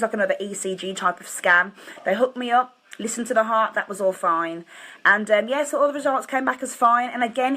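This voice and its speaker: A woman talks into her phone at home, telling her story to viewers she calls guys. Her voice is bright and clear, and she speaks in an earnest, confiding way. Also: fairly high pitch, poor audio. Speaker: host of a live stream. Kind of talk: casual live-stream talk to viewers.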